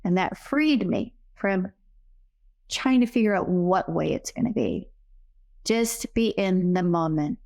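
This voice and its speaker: A woman's voice: lowish voice, slow, creaky, darkish tone. A middle-aged woman, a guest on a podcast, telling a personal story in an earnest, conversational way and acting out the remembered dialogue. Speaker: podcast guest, psychic medium. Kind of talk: personal storytelling in a casual interview.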